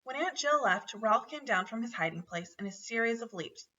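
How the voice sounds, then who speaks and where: Bright-voiced woman reading a children's book. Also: fairly high pitch, lively intonation, moderate pace. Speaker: narrator. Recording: dull, distant home recording.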